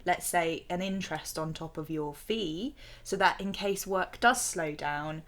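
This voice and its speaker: A woman co-hosting a podcast in casual debate chat, giggly and quick to laugh. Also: fairly low pitch, a bit bright. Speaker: podcast co-host.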